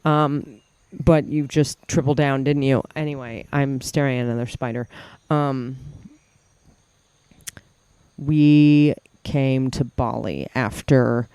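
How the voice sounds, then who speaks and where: A man's voice: mid-range voice, fairly even intonation, takes it slowly, darkish tone, smooth, no echo. A man co-hosting a podcast, chatting in a rambling, wry way with lots of fillers. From Ireland. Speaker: podcast co-host, comedian. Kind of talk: casual chat.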